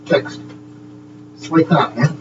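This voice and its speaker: A man's voice: fairly high pitch, takes it slowly, far from the mic, lo-fi sound. A man chatting loosely on a livestream, swearing constantly and chuckling between sentences. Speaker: livestream host. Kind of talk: rambling casual chat. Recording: steady hum in the background.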